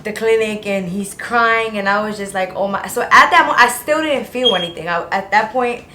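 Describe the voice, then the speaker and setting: A woman's voice: medium pitch, normal speed, pushed and bright. Young woman vlogger, casual rambling storyteller, echoey room. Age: young adult. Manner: talks in long run-on rambles with many "like"s. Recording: echoey room with faint noise.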